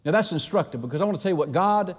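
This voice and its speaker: High-voiced preacher in a reverberant hall. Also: male voice, expressive, rapid-fire. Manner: preaching with dramatic acted-out quotes and repeated "friend". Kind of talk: sermon. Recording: long reverb in a large hall.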